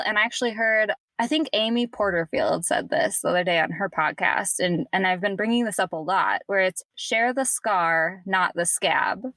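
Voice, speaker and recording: A woman's voice: mid-range voice, fairly bright tone, dry recording. Enthusiastic woman hosting a podcast, dry sound. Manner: enthusiastic, agreeable, gushing reactions. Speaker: podcast host. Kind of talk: casual podcast conversation.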